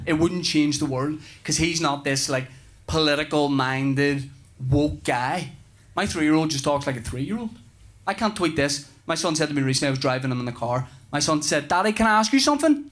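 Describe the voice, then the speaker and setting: Flustered storytelling stand-up comic. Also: male voice, on the high side. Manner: animated storytelling with flustered swearing. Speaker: stand-up comedian. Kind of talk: stand-up comedy routine. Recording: noisy live stage recording.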